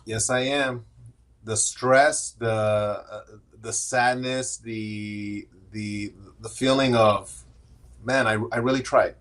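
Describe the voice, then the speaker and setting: A man's voice: fairly low pitch, steady tone, takes it slowly, a bit bright. A middle-aged man, a podcast guest, talking candidly in a casual interview and often restarting his sentences as he tells his story.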